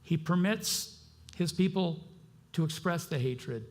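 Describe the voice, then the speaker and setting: A middle-aged man preaching a sermon as pastor, conversational and impassioned, swinging between loud outbursts and quiet asides. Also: fairly high pitch, slow.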